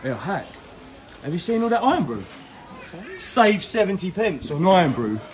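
A man's voice: high-pitched, sing-song, moderate pace. A man in a shop goading his friend with teasing questions.

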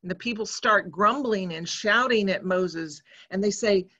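A woman preacher giving a sermon in a church, speaking in a measured, reflective way. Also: medium pitch, pushed and bright.

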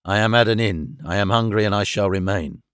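A man's voice: fairly low pitch, fairly quick, smooth, no echo, studio quality, voice pushed down, lightly acted. A man voicing a weary, hungry male traveller who speaks plainly and insistently.

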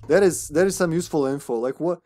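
A man's voice: a little high, fast talker, mellow. Rambling male game streamer. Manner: rambling, stammering, swears and laughs a lot. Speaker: streamer playing a horror game. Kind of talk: casual live-stream commentary.

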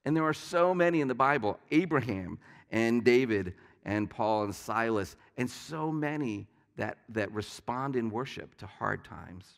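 A male pastor delivers a conversational sermon in a mid-pitched voice, weaving stories and asides into his preaching. The sound carries a long church-hall reverb. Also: lively intonation, measured pace, creaky. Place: church sanctuary.

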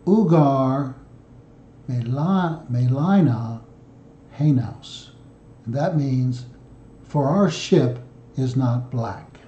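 A man doing his study homework aloud on camera, reading through word endings one by one in a slow, methodical way. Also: medium pitch, warm tone, roomy sound, muffled recording, a little hiss or hum. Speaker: founder of a study group, self-taught student. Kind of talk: solo study video, reading declensions aloud.

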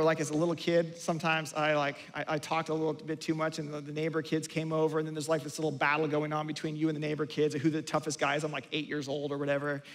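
A man preaching a sermon as pastor, conversational and animated, with frequent restarts and acted-out quotes. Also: a little high. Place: church sanctuary.

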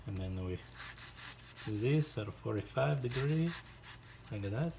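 A man talks through a home cooking demonstration at an unhurried, drawn-out pace, chatting to himself and his dog between tasks. Loud chopping, clinking dishes and cutlery fill the kitchen behind him, close to the voice. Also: medium pitch, expressive, vocal fry, very noisy. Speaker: home cook hosting a cooking video.

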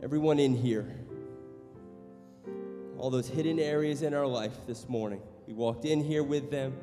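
A man preaching a sermon as pastor in a church, passionate, moving between loud exhortation and quiet storytelling. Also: mid-range voice, normal speed. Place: church sanctuary. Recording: long hall reverb with music behind.

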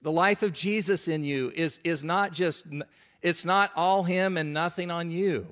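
A man's voice: fairly high pitch, a little slow, fairly bright tone. A man preaching a sermon in an earnest, conversational, emphatic way.

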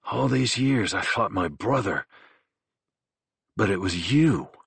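A furious young man speaks with low, husky menace, as a deep-voiced narrator plays him. Now and then his voice flares into a shout. The reading is dry and close. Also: lively intonation, slow, no room sound, exaggerated voice. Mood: angry menacing. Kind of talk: audiobook character voice.

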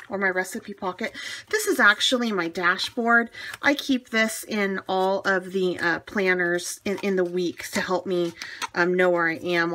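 A woman's voice: mid-range voice, pushed and bright, slight background noise. A woman presenting a casual planner-crafting tutorial, chatty and enthusiastic, with frequent fillers and restarts. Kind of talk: casual show-and-tell tutorial.

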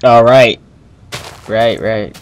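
A young man casually chatting and laughing while playing a co-op game, exclaiming loudly at every mishap. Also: medium pitch, fairly even intonation, drawn-out words, slight background noise. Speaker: Minecraft co-op player. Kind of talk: casual gameplay chat.

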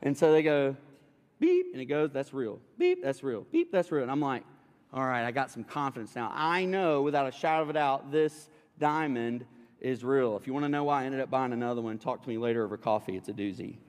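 Young preacher telling a story in a church hall. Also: male voice, mid-range voice, fairly quick. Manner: casual, humorous storytelling to a congregation. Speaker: pastor. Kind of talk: sermon with personal story. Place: church sanctuary. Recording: long reverb of a church hall.

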